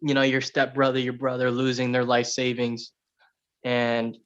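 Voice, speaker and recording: A man's voice: mid-range voice, monotone, moderate pace, fairly bright tone, lo-fi sound. A man on a podcast, chatting loosely and telling a fable, with plenty of "like" and "you know". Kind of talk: casual chat, storytelling.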